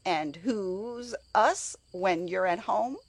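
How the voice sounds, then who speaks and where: A woman voicing a cross, scornful nursemaid in a storybook reading, loud and raised in pitch. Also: very animated, unhurried, slightly rough, no room sound, full character voice, rough recording. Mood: scolding. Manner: scornful, sharp.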